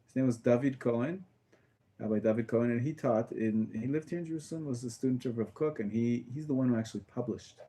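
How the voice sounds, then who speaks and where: Man, rabbi leading a text class, mellow warm tone, halting with fillers and restarts. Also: mid-range voice. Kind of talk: casual lecture on a text.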